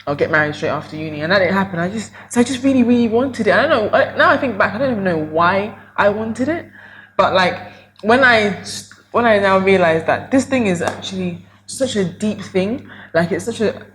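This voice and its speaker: A woman's voice: medium pitch, lively intonation, brisk, fairly bright tone, a little hiss or hum, poor audio. A young woman co-hosting a casual chat with her husband, speaking earnestly and reflectively. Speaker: podcast co-host.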